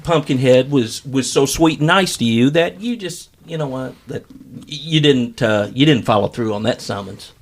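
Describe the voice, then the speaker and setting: Husky man co-hosting a podcast. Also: medium pitch, normal speed. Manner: affirming, sums up the story, brief responses. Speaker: podcast co-host. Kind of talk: casual chat.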